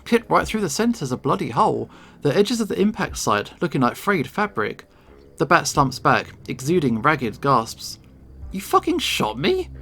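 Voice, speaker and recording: A man's voice: on the high side, fairly bright tone. A man reading a visual novel aloud in first person, with dramatic expression. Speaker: game reader.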